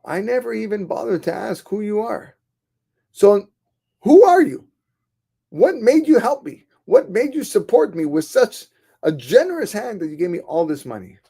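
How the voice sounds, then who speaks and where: An anxious poor scholar, father of many daughters, played by a preacher, pleads in a strained, excitable voice. His voice jumps up high when he is upset. He sounds desperate. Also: normal speed, gravelly, heavily acted. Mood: bewildered.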